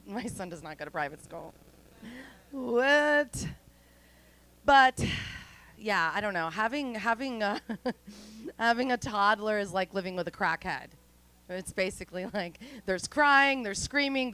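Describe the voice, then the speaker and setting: A woman in her forties doing a stand-up comedy set, chatty and self-mocking, with deadpan throwaway asides. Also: medium pitch, smooth, poor audio. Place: outdoor studio stage.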